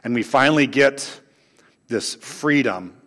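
A man preaching a sermon to his congregation, swinging between raised, emphatic lines and soft, low asides. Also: expressive, slow pace. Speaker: pastor. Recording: long hall reverb.

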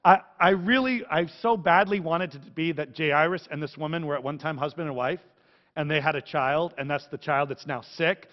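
A man pastor preaching a sermon in an animated, conversational, jokey way. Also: on the high side, normal speed. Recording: echoey hall, dull sound.

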